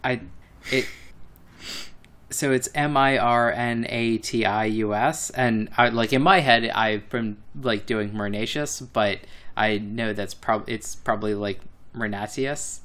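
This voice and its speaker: A man co-hosting a book podcast, talking casually and hesitantly, with many pauses while recapping. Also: medium pitch, fairly even intonation, a bit bright. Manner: hesitant, many fillers and restarts. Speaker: podcast co-host.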